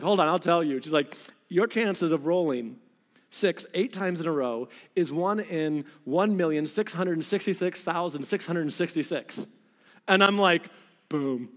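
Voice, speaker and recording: A man in his thirties delivers a sermon in a big hall, his voice sitting on the high side. He preaches with lively, animated storytelling, his pitch shooting up when he gets worked up. A long reverb trails his words through the room. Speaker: pastor.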